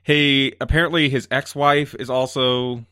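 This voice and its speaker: A man co-hosting a casual movie review chat, ranting in an animated way and filling his talk with "like". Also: medium pitch, measured pace, clean tone, dry recording, clean studio sound. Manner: animated ranting, filler-heavy. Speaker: podcast co-host.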